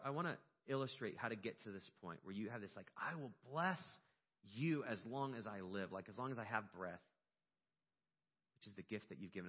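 A middle-aged man preaching a sermon, telling a personal story with rising emotion. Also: fairly low pitch. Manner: storytelling, animated and emotional at peaks. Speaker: pastor. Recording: dull lo-fi sound with long hall reverb.

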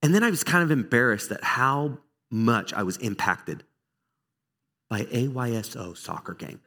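A middle-aged pastor delivers a conversational sermon, sharing stories about himself with candid, animated, self-deprecating energy. His voice sits at a medium pitch and moves at a normal speed.

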